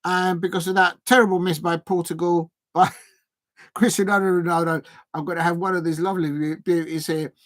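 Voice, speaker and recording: A man hosting a live football watch-along, chatting with viewers and getting excitable, even shouting, at big moments in the match. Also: high voice, moderate pace, no echo. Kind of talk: live match reaction and chat.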